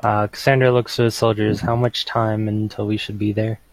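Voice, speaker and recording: A man playing a tabletop role-playing game, joking and speaking his character in quick asides. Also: lowish voice, level tone, no echo, low-quality recording. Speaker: player. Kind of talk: casual tabletop play.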